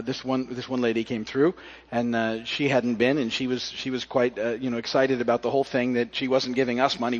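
A man preaching a sermon as pastor, telling a story in a folksy way with many fillers and restarts before reading scripture. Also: mid-range voice. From South Florida. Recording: muffled recording with long hall reverb.

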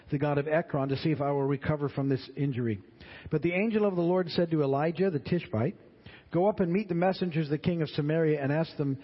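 A man's voice: a little high, slightly rough. A man teaching a Bible class, reading passages aloud and breaking off into casual explanations. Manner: reads scripture aloud, then explains in casual asides. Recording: dull lo-fi sound with long reverb.

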